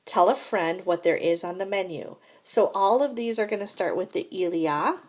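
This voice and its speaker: A woman's voice: lowish voice, normal speed, a little mellow. A woman teaching a recorded French lesson, explaining grammar step by step and checking in with "right?" and "okay?".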